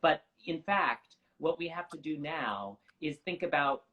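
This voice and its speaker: A man's voice: a little high, lively intonation, measured pace, dull audio. A young man speaking as an opera singer guest in an interview, articulate, earnest and reflective. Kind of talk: conversational interview.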